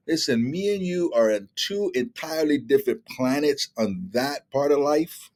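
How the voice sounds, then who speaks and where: Here a middle-aged guest speaker, medium-pitched and moderately paced, recounts stories in easygoing conversation, animatedly switching voices to play the other characters' lines.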